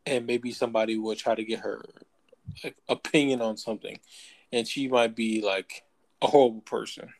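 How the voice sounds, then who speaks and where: Casual co-host, male, gravelly, rambling questions full of fillers. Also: on the low side, fairly even intonation, moderate pace, a little mellow, low-quality recording. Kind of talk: casual chat.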